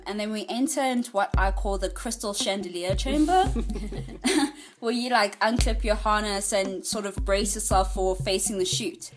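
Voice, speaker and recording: A woman's voice: mid-range voice, unhurried, background noise. A woman archaeologist on a video call from a cave, describing a route step by step. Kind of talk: interview. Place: underground cave.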